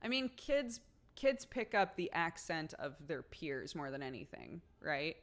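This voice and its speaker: Low-voiced chatty American woman streamer. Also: very animated, a little slow. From United States. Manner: chatty, laughs often, many "like" fillers. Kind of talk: casual chat with viewers.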